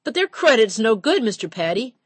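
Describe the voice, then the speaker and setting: A woman's voice: extremely high pitch, big pitch swings, fairly quick, dry recording, voice pushed up. A woman voicing a startled, stammering teenage shop clerk. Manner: sputtering, stammering.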